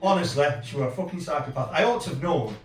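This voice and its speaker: A man in his fifties with a Yorkshire accent, doing a sweary, deadpan stand-up set in a small pub room. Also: a little high, quick pace, reverberant, recorded from a distance, slight background noise, low-quality recording. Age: 50s. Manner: crude, swearing, deadpan storytelling. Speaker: stand-up comedian. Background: audience laughter.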